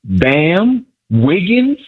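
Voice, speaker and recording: A man calling in to a radio sports show, hyped and boastful, repeating his phrases, with a husky voice over a muffled phone line. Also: high-pitched, sing-song, drawn-out words. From Miami area. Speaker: caller. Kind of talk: excited sports call-in.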